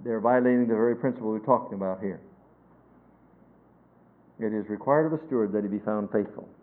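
A man preaching a sermon, emphatic, swinging between loud stresses and hushed phrases and quoting scripture in a measured cadence. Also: lowish voice. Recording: tinny phone-like sermon recording.

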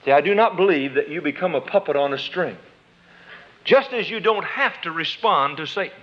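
A man's voice: on the high side, expressive, moderate pace. A middle-aged man preaching a folksy sermon, quoting scripture and acting out little inner conversations. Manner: folksy, acts out inner dialogues, quotes scripture. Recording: dull lo-fi sermon tape.

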